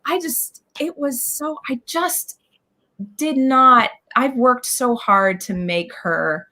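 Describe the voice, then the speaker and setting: A woman guest on an interview show, telling a story excitedly in a rambling way with many restarts. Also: high voice, slow pace. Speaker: guest actor. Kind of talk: casual interview chat.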